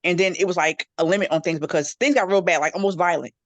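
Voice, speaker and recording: Fast-talking animated woman, dry sound. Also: dry recording. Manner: animated storytelling, jumps into high-pitched quoted voices. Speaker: panel guest. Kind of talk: casual chat.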